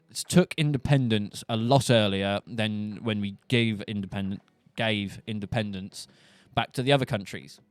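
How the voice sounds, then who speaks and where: A man's voice: lowish voice, dry recording. A young man from England with a Southern English accent, joking and rambling in a casual monologue. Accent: Southern English, Buckinghamshire. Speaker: streamer.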